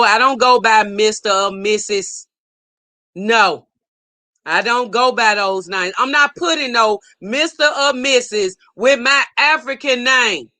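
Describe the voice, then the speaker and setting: A woman's voice: fairly high pitch, pushed and bright. Emphatic woman livestreaming. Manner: emphatic, preachy, repeats her points for emphasis. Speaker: livestream host. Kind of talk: live stream, reading viewer comments aloud.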